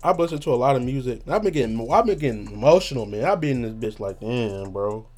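A man's voice: mid-range voice, lively intonation, fast talker, darkish tone. A young man hosting a casual podcast, talking in loose slang and cursing freely. He rambles and trails off hunting for the right word, his voice in a middle range for a man. Faint music plays behind him. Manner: rambling, slangy, swears a lot, trails off searching for words. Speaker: podcast host.

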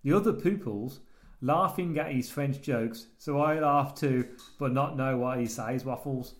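A man's voice: medium pitch, lightly acted. A man reading out a letter in the voice of a simple-minded, bumbling male writer who uses broken grammar. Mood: deadpan. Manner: slow, halting, broken grammar.

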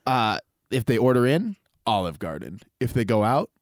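A man's voice: medium pitch, sing-song, moderate pace, no room sound, studio quality. A man co-hosting a comedy podcast in laid-back casual chat, riffing on jokes. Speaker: podcast co-host.

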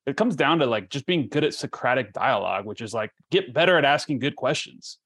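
A man's voice: medium pitch, expressive, a bit bright, slightly rough. A man hosting a podcast, chatting casually with a guest and filling his speech with "like" and "you know". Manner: fast, filler-heavy, lots of "like". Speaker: podcast host. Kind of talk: casual interview chat.

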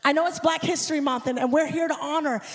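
A woman preaching as a guest speaker in a church, building fervently and breaking into shouts and a sung cadence on a handheld microphone. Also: sits high, fairly even intonation, fast talker. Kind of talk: impassioned sermon. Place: church sanctuary. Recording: long church hall reverb.

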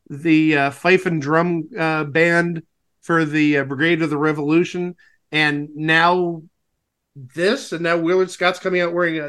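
A man's voice: fairly high pitch, fairly bright tone. A man co-hosting a podcast, making wry, rambling comedic asides about an old TV broadcast. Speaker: podcast co-host. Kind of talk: casual comedic commentary.

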